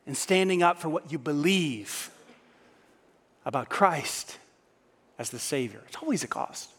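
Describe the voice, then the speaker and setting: A man's voice: a little high, fairly bright tone. A male pastor preaching a sermon, firing rhetorical questions at his congregation. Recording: long hall reverb.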